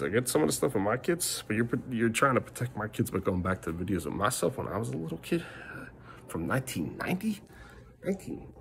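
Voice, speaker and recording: A man's voice: fairly low pitch, creaky, a little hiss or hum. A middle-aged man vlogging a frustrated, rambling rant to the camera, repeating himself and swearing, recorded on a phone. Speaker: family vlogger.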